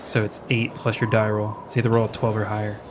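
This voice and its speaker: A man's voice: on the low side, completely flat delivery, quick pace, very noisy. A man playing a tabletop game, thinking aloud through the rules with hesitant fillers. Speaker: player.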